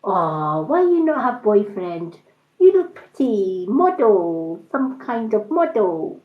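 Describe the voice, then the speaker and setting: A woman's voice: mid-range voice, steady tone, normal speed, close to an everyday voice. A woman voicing a pushy, chatty female nail technician who talks in clipped, broken phrases. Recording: roomy, slightly dull sound.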